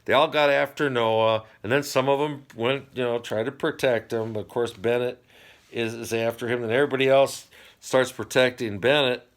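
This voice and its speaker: A middle-aged man talks casually at home, rambling from point to point and dropping wry jokes as he goes. His voice sits at an ordinary middle pitch for a man. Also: fairly even intonation, moderate pace. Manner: chatty, rambling, wry asides. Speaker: channel host recapping a TV show. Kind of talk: casual chat.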